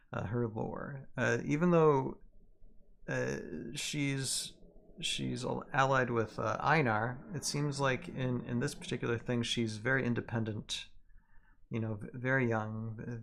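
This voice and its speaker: A male podcast host who reads a story aloud and chats casually, with halting restarts and fillers. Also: mid-range voice, vocal fry, a bit bright. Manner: halting, many fillers and restarts when chatting. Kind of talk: story reading and casual chat.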